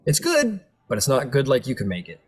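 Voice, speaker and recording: A man's voice: mid-range voice, huge pitch swings, a little fast, slightly rough. A man narrating a tabletop game as game master, rambling with lots of fillers.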